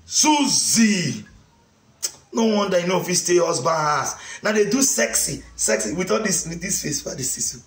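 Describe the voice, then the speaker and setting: Nigerian male preacher, taunting rant with shouted outbursts, high animated pitch. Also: normal speed. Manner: taunting, mocking, bursts of shouting. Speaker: online preacher. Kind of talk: mocking rant to camera. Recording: echoey room.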